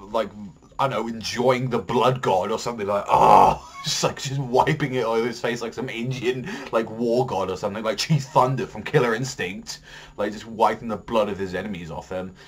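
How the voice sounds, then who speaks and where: A man's voice: fairly low pitch, brisk, slightly rough. Profane, ranting young male reviewer. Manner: profane, heated, rambling with many fillers. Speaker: TV show reviewer. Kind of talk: casual ranting review vlog.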